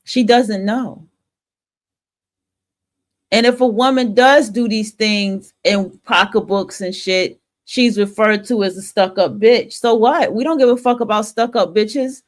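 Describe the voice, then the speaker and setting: Резкая женщина с севера США ведёт монолог на стриме: говорит прямо, с матом и повторами, голос среднего тона. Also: female voice, mid-range voice, unhurried. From northern United States. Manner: blunt, profane and emphatic, with frequent restarts. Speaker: host of a talk stream. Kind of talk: opinion monologue.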